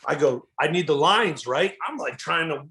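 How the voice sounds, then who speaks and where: Male comedian guest, lively storyteller with a fairly high voice. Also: moderate pace, a little hiss or hum. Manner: animated, enthusiastic, says dude a lot. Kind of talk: casual storytelling chat.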